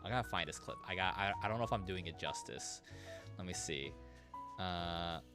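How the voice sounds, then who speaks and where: A man streaming while drawing, chatting in a rambling, excitable way. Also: low voice, moderate pace. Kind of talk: casual chat while drawing. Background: music.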